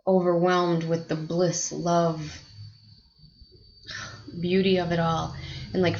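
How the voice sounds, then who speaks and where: Chatty American woman, gravelly low voice. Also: muffled recording, a little hiss or hum. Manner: chatty, reflective, many fillers. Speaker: spiritual vlogger. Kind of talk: casual personal story to camera.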